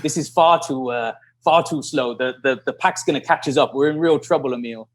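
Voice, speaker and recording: A man impersonating an older British male runner who tells his memory in a quiet, low, grumbling way. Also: fairly quick, noisy background, lightly acted. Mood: grudging. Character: old British male runner recalling a race.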